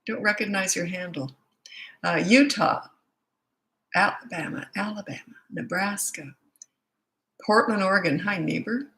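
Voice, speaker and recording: On a live-stream Q&A, a Canadian-accented woman who works as a parenting coach speaks frankly to viewers and welcomes them by where they're from. She talks at a measured pace with many pauses in a medium-pitched, fairly bright voice. Her own set-up mic gives a rough recording.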